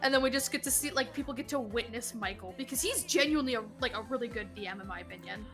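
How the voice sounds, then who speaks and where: A woman's voice: on the high side, fast, fairly bright tone, faint music behind. A woman joining the stream as a friend, chatting casually and enthusiastically, swearing freely. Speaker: guest friend on call. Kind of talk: casual chat. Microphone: voice call.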